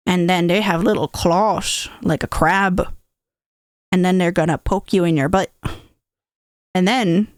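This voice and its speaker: A woman voicing a scheming dad who teases his little daughter with mock seriousness, grave and then rushed. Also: mid-range voice, no echo, clean studio sound, natural voice.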